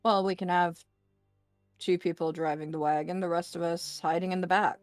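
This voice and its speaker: A woman's voice: on the low side, steady tone, no room sound, faint music behind. Hesitant woman player. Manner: hesitant, halting. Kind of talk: casual in-character role-play.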